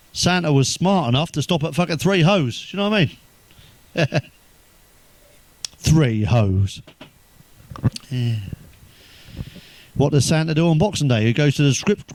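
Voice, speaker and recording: Crude, swearing comic. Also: male voice, a little high, a little mellow, no room sound, low-quality recording. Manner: swears constantly, laughs at his own jokes. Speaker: stand-up comedian. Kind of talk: crude joke-telling monologue.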